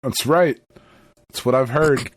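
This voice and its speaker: A man's voice: medium pitch, unhurried, no room sound. A man, co-hosting a podcast, telling a story in casual chat with lots of swearing and laughter. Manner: profane, animated storytelling with laughter. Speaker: podcast co-host.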